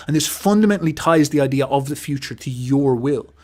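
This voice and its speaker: A man hosts a casual philosophical monologue in a mid-range voice, speaking fairly quickly. He is emphatic and animated, swears casually, and mimics other people's voices.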